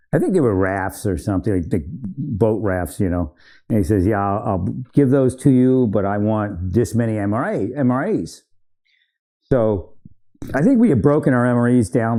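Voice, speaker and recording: A man's voice: mid-range voice, dark tone. A man casually telling old army training stories, rambling, correcting himself and laughing often. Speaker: military veteran storyteller. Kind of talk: casual storytelling.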